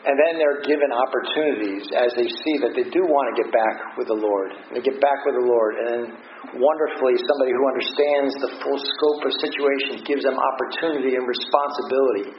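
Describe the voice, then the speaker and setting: A man preaching a sermon to a congregation, earnest and emphatic, stretching key phrases slowly and letting his pitch rise and fall. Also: fairly even intonation. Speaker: pastor. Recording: dull roomy recording with noise.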